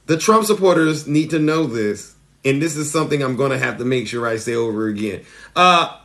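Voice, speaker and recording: A man hosting a satirical live stream, talking in a mock-earnest, animated way that rises excitedly as he retells stories. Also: medium pitch.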